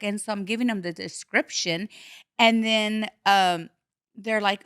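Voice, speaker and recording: A woman, hosting a podcast and telling stories in a casual, animated way, jumping up in pitch when she acts out her own panic. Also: normal speed, clean tone, no room sound, studio quality. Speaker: podcast host. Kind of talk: casual chat.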